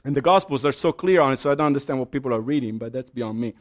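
A man preaching a sermon as a pastor, passionate, swinging from soft asides to loud, high exclamations. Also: rapid-fire.

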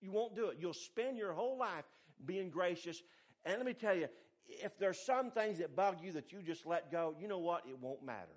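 Preacher guy, kinda high voice, gets loud then drops way down, preaching to a congregation. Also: moderate pace. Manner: animated preaching, pitch and volume rising and falling widely. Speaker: pastor. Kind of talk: sermon.

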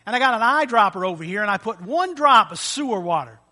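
Bright, high-voiced preaching man. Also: quick pace. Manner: animated preaching with acted-out voices and sound effects. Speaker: pastor. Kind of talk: sermon.

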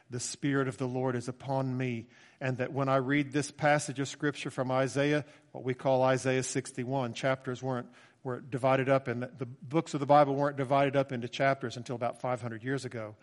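A man's voice: mid-range voice, long reverb tail. A man preaching a sermon in an earnest, reflective way, reading scripture aloud and explaining it.

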